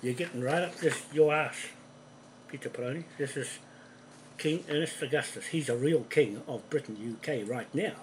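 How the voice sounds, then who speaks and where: A man's voice: mid-range voice, normal speed, a little hiss or hum, low-quality recording. Angry New man ranting to camera. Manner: accusing, profane, calls people out by name; forceful, ramps up in volume when heated. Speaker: video ranter. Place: room at home.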